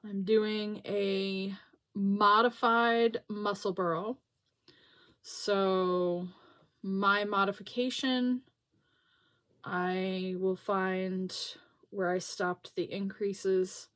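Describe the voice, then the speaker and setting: A middle-aged woman hosts a knitting podcast, chatting casually and showing off her projects while laughing at herself often. Her medium-pitched voice is level, clear and resonant, fairly bright, and extremely slow.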